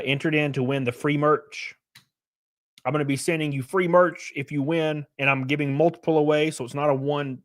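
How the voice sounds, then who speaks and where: A man streaming live, chatting casually and crudely, joking around and thanking chat members by name. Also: on the high side.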